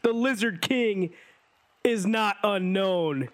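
A man's voice: sits high, takes it slowly, a little hiss or hum. A man playing a tabletop game, answering brashly and joking in character. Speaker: player.

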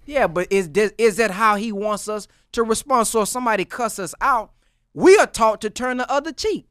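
A man's voice: sits high, normal speed, fairly bright tone, clear, resonant tone, no room sound, studio quality. A man talking in a loose, preaching style with a lot of slang, acting out the voices of the people he quotes. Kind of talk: preaching-style casual talk.

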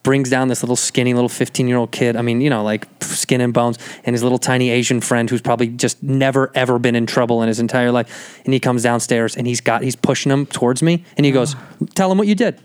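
Guy rattling off a story on a podcast, quick and loose, swears a lot, does the other people's lines. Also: mid-range voice, little pitch movement, smooth. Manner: fast, profane storytelling that acts out the people in the story. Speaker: guest comedian.

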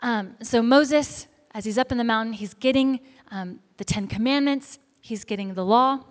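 Higher-voiced woman preaching in an echoey hall. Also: moderate pace. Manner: animated storytelling, acting out quoted voices. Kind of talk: sermon.

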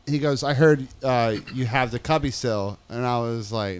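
A man's voice: medium pitch, fairly even intonation, moderate pace, few pauses, clear, resonant tone. A young man telling a story in casual chat, rambling and swearing, acting out what others said. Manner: profane, rambling, re-enacts quoted dialogue.

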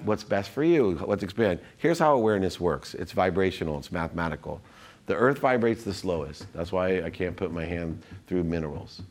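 A low-pitched man chats as a guest on a talk show. He tells stories with animation, slipping into the voices of the people he quotes, and often stumbles and restarts his sentences. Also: expressive, a little fast. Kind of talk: casual storytelling in a conversation.

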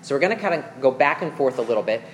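A man's voice: medium pitch, animated, very fast, slight background noise. A man teaching a Bible passage in a conversational way, reading verses aloud, explaining them and checking in with his listeners. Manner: reads scripture aloud, then explains it; checks in with listeners with questions and "okay?".

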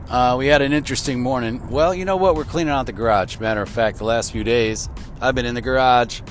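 A man's voice: medium pitch, fast. Middle-aged man, podcast host talking on the drive to work, loose and rambling, faint music underneath. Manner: rambling, conversational, laughs easily. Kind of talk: casual chat while driving to work. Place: in a car.

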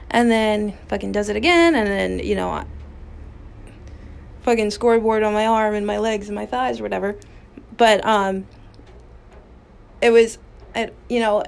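A woman's voice: mid-range voice, normal speed, creaky, pauses often. A woman hosting a podcast, telling a personal story in a candid, raw way with casual swearing and many fillers, recorded on a phone in a small booth. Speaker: podcast host.

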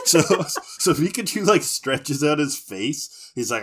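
A man's voice: medium pitch, lively intonation, moderate pace, few pauses, fairly bright tone. A man co-hosting a casual podcast, joking, mocking and laughing often as he talks. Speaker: podcast co-host.

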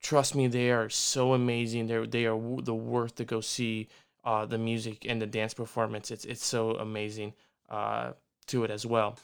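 A man's voice: medium pitch, completely flat delivery, normal speed, vocal fry, smooth. A man from Michigan hosting a radio show, chatting and plugging a guest in a loose, upbeat way. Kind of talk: casual radio interview.

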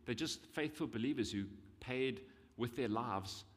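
A man's voice: mid-range voice, unhurried. A man with a South African accent preaching a sermon in a conversational style, repeating his points for emphasis. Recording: long hall reverb.

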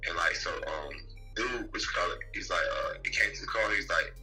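A man in casual podcast chat, telling his own story fast, with lots of swearing and fillers. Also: deep voice, bright, forceful tone, faint music behind, poor audio.

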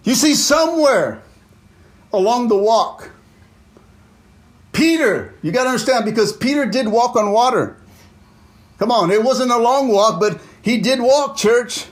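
A pastor delivering an impassioned sermon in a strikingly high voice for a man. He punctuates every thought with "amen" and "come on." He rises to loud bursts and then sinks into hushed, low asides. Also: animated, measured pace, long pauses. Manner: fervent preaching, peppered with "amen" and "come on"; swings between loud exclamations and low, quiet asides.

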